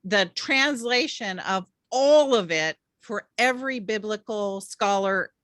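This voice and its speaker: A woman hosting an interview, speaking in a measured way as she frames her questions. Her middle-pitched voice comes over a video call. The sound is dry, with no room around it. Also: fairly bright tone, no room sound. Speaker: host. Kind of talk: interview conversation.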